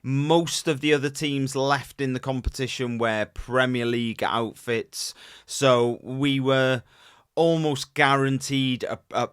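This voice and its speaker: Halting man chatting about football. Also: mid-range voice, fairly bright tone, clear, resonant tone, no echo, clean studio sound. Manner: halting, repeats words, many fillers. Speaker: podcast co-host. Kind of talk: casual football chat.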